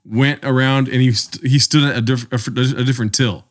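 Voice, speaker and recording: Swearing a lot and voicing the characters himself, a young podcast co-host spins an animated story during a casual conversation. He talks briskly in a mid-range voice.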